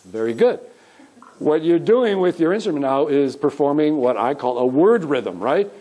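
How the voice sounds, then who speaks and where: A middle-aged man with a high-ish, very animated, warm voice leads a music workshop at normal speed, teaching through upbeat sung call-and-response with a live audience in a conference room. He strums a guitar, and the audio quality is poor.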